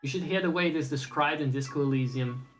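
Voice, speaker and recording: A man's voice: on the high side, fast, faint music behind, poor audio. Wry man streaming a game. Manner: wry, profane, rambling. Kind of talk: casual gaming commentary.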